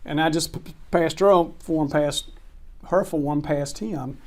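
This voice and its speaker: A man's voice: on the high side, unhurried. A middle-aged man, a closing attorney telling an anecdote in an interview and acting out the dialogue. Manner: animated anecdote teller, acts out quoted dialogue. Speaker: real estate closing attorney. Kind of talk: storytelling in an interview.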